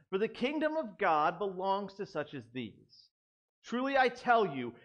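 A young man preaching a casual sermon as pastor, conversational and animated, with self-deprecating asides. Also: high-pitched.

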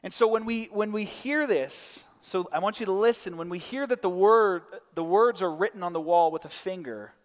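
A man's voice: high-pitched, moderate pace, few pauses, long reverb tail. A man preaching a conversational sermon, often restarting and adding side notes. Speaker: pastor. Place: church.

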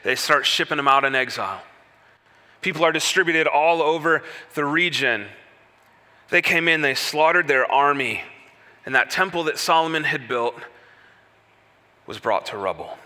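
A man preaching a sermon, telling the story with lively rhetorical questions. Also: on the high side, normal speed, pauses often. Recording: echoey hall reverb.

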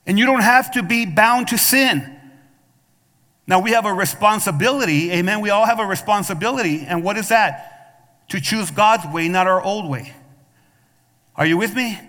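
A male pastor with a high, sharp-toned voice preaches at normal speed, pausing often. He calls out to the congregation for responses and frequently restarts his words with repeats, his voice carrying the long hall reverb of a church sanctuary.

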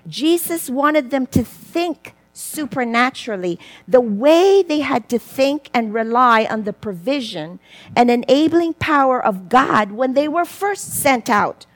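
Expressive woman preaching a sermon. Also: sits high, a little slow. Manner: expressive, rising and falling with emphasis, asks the listeners questions.

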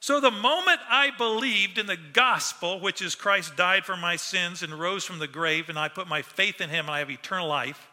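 A man preaches with a high, sharp, bright voice, animated and acting out the lines he quotes. His voice rings with a long reverb from a large hall. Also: moderate pace, few pauses. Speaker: pastor. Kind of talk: sermon.

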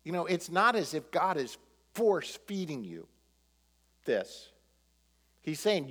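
Man, pastor, sermon, animated, rhetorical questions, somewhat high voice. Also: slow pace, pauses often, husky, big-room sound.

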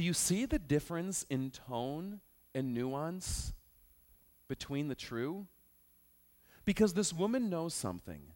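A male pastor preaching a Bible-study sermon, animated and joking as he teaches. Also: a little high, slow, pauses often.

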